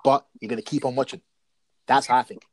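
A man talking casually about wrestling as a podcast co-host, telling stories in an animated, excitable way. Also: medium pitch, fast, no echo, poor audio.

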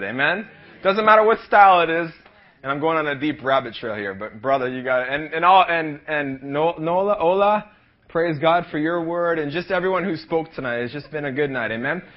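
High-voiced young preacher, dull recording. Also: male voice, brisk. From Canada. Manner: energetic preaching, asks the crowd for amens, rises to shouts. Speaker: pastor. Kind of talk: sermon. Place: youth rally hall.

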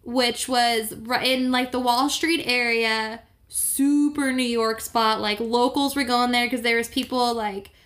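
A woman's voice: on the high side, fairly even intonation, a little slow, fairly bright tone. A woman in casual chat, telling a travel story with lots of "like" and acted-out quotes. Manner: chatty, full of "like" and quoted voices. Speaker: podcast guest recounting a trip.

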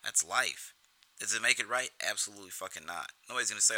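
A man's voice: lowish voice, fast talker, pushed and bright, no room sound, poor audio. A man giving casual film commentary in a profane, rambling way, often restarting his sentences.

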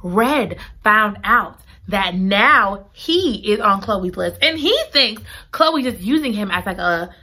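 A woman chatting casually about a romance novel, dramatic and gushing. Her bright voice swings widely from highs to lows. She reacts big to every twist. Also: animated, takes it slowly, hardly any pauses, slightly rough. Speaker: book reviewer. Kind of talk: casual chat.

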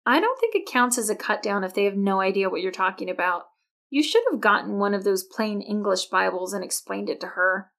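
A woman voicing a shy, wry teenage girl in an audiobook story, speaking in a dry, hesitant way with a gravelly edge. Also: medium pitch, expressive, brisk, a bit bright. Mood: dry, doubtful.

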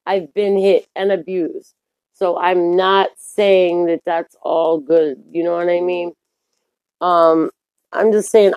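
A woman's voice: on the low side, warm tone, no room sound. A young adult woman hosting her own podcast in a candid, profane, rambling monologue full of fillers. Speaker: podcast host.

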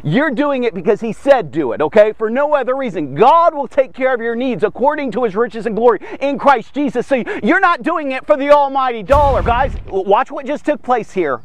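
High-voiced emphatic male preacher. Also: big pitch swings, fairly quick, hardly any pauses. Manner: emphatic storyteller, keeps asking okay. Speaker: devotional podcast preacher. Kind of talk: sermon-style Bible devotional.

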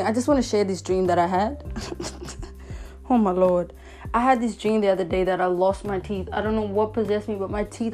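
A young woman talks casually as a podcast host, her voice mellow and soft-edged. She tells things in a self-mockingly dramatic way and laughs often, with faint music behind her. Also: mid-range voice. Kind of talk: casual monologue.

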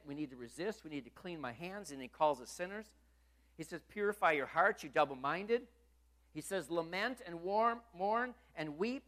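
A man's voice: a little high, fairly bright tone. A male pastor preaching a sermon in church, emphatic and full of rhetorical questions.

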